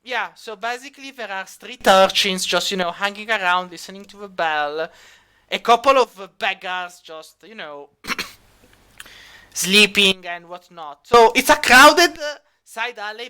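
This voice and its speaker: A man's voice: sits high, animated, moderate pace, pushed and bright. A man running a tabletop game as game master, rambling with lots of fillers. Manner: rambling, many fillers, laughs easily.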